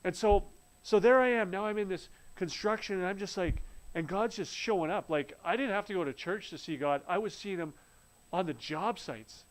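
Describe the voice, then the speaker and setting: A man's voice: sits high, normal speed, rough recording. A man telling a personal faith testimony in an earnest storytelling way, often restarting his sentences. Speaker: speaker sharing a faith testimony. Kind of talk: live-streamed spoken testimony.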